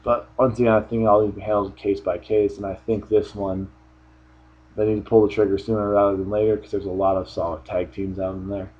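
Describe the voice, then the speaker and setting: A man with a husky, slightly low voice talks through his opinions in a loose, offhand way, often restarting sentences. The sound is dull and lo-fi, like a home recording. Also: little pitch movement, fairly quick. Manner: rambling, offhand, frequent restarts. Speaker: wrestling show reviewer. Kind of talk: casual solo review commentary.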